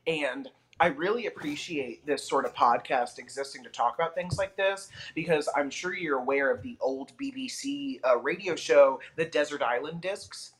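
A man, a comedian, chatting as a podcast guest and telling stories in an animated, expressive way. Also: medium pitch, normal speed, few pauses. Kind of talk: casual chat.

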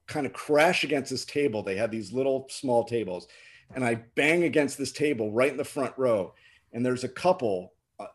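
A man's voice: medium pitch, breathy edge. A man, a drummer, casually telling a story from his gigs and acting out the voices of the people in it. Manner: animated, acts out voices in anecdotes. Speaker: drummer and co-host.

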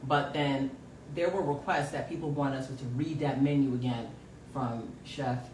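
A woman hosting a live podcast in casual chat, animated and sometimes loud, laughing often. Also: rumbling low, normal speed, reverberant, far from the mic, slight background noise, poor audio. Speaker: podcast host.

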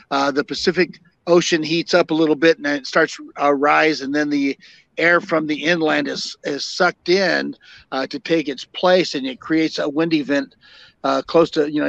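An older man, a podcast guest and former fire captain, telling long stories in a halting way with many fillers and restarts. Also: on the high side, creaky, a bit bright, no room sound. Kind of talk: storytelling interview. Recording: dull lo-fi dry sound.

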